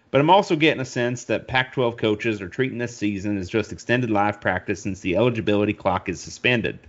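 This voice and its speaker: A drawling Southern guy asking about football lineups, as a man puts on the accent and reads his letter out loud, in a lowish voice on a dull, lo-fi recording. He sounds earnest and reads the whole thing straight through. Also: close to an everyday voice. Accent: American Southern, put on. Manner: reading a letter aloud in a put-on drawl.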